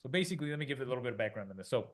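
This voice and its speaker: A man's voice: medium pitch, expressive, very fast. A middle-aged man, a podcast co-host, explaining ideas in a rambling casual way, with many fillers and restarts, often acting out quoted voices.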